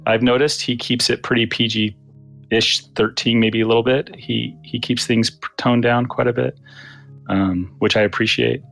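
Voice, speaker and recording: A man's voice: medium pitch, flat delivery, unhurried, vocal fry. American guy, mid voice, polite, kinda hesitant, lots of uhs, faint guitar music in back. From United States. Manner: polite and hesitant, full of fillers, trailing off quietly. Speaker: player. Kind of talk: casual chat between game sessions.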